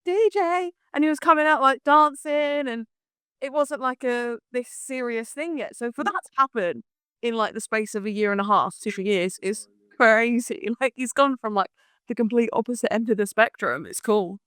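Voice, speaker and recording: Chatty young woman guest, smooth clear voice, says like a lot, dry close mic. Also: fairly high pitch, normal speed, fairly bright tone, dry recording. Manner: chatty, full of "like" fillers. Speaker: podcast guest, pro wrestler. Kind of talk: casual chat.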